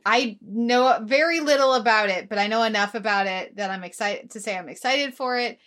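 Woman host rambling through a casual podcast chat, voice a touch high. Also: fairly quick, a bit bright. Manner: chatty, laughs often, rambling restarts.

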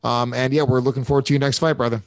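A man's voice: medium pitch, level tone, racing. A male podcast host rambles through a loose, casual chat, swearing often and restarting his sentences. The sound is dry and close, with almost no room echo. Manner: rambling, profane, stammering restarts.

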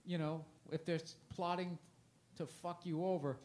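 A man with a slightly high voice talks casually about comedy and touring, in a loose, rambling way. He keeps restarting his sentences and pokes fun at himself. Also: steady tone, normal speed, darkish tone. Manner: rambling, self-deprecating, trails off and restarts. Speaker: stand-up comedian guest. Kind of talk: casual interview chat. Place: comedy festival interview.

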